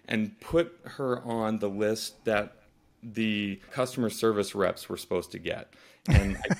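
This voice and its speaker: A man hosting a casual podcast, telling a personal story in a lively way. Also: on the low side. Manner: lively storyteller who acts out past dialogue. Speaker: podcast host.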